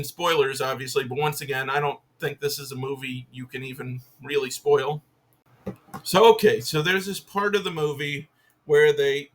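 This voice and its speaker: Rambling, amused man with a higher voice. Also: a bit bright. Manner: rambling, filler-heavy, swears freely, amused. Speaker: film reviewer. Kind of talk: casual film review chat.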